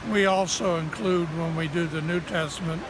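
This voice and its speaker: High-voiced man explaining haltingly. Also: steady tone, background noise. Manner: halting, with many fillers. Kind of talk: casual explanation.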